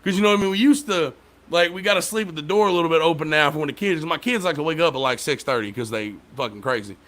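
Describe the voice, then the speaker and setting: A man's voice: fairly high pitch, racing, fairly bright tone. A young adult man, a father, chatting casually as a podcast host and telling loose, profane stories about his kids. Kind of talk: casual chat.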